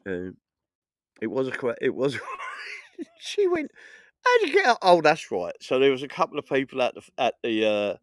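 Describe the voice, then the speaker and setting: Medium in pitch and expressive, this middle-aged man from England talks at normal speed with long pauses, recorded without echo. As a political livestreamer on a casual stream outdoors at an evening festival field, he rambles through stories, swears, and laughs at his own gags.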